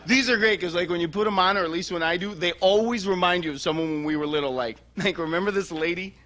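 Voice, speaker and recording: A comic from Michigan with a thin, helium-high voice. He jokes and laughs his way through a stand-up bit and talk-show banter on a television set. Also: brisk, sharp tone. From Michigan, USA. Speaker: stand-up comedian and guest. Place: television studio stage.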